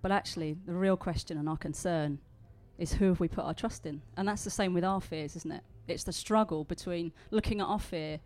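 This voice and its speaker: A woman with a London accent preaches in a conversational, storytelling way, sprinkled with small fillers. Her voice sits a little low for a woman. She moves easily between talking to the congregation and reading a passage aloud. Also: steady tone, a little fast, few pauses. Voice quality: conversational, warm storytelling delivery with filler words. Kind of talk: sermon with read-aloud story.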